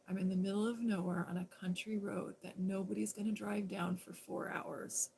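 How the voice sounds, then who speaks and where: A woman's voice: medium pitch, level tone, normal speed, vocal fry, few pauses, darkish tone, a little hiss or hum, rough recording. A woman casually telling a personal story on a live stream, rambling and conversational with lots of fillers and restarts.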